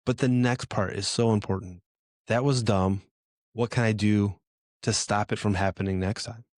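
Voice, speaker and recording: A man's voice: lowish voice, steady tone, normal speed, dry recording, studio quality. A middle-aged man hosting a podcast, giving earnest, encouraging advice to fathers in a direct way. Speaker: podcast host. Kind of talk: motivational talk to fathers.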